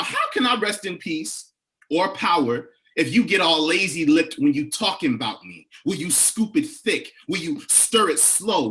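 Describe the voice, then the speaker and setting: A young adult man with an African American English accent and a high voice talks softly and haltingly between poems, with many pauses and fillers. He then performs spoken word poetry in a rhythmic, rising, incantatory style.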